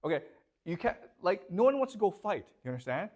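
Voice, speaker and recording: A man's voice: sits high, big pitch swings, brisk, a little mellow. A man giving a classroom lecture, posing rhetorical questions and constantly checking that his students follow.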